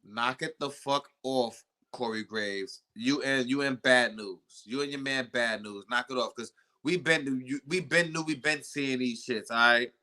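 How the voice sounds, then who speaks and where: A man's voice: medium pitch, measured pace, few pauses, sharp tone. A man co-hosting a casual wrestling podcast, talking profanely and animatedly, often repeating himself. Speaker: podcast co-host.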